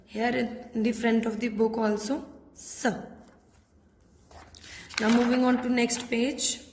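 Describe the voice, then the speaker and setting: A woman's voice: fairly high pitch, level tone, slow, background noise. A woman teaching a French class patiently, spelling out letters and repeating words. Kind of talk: classroom lesson. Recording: echoey room with long reverb.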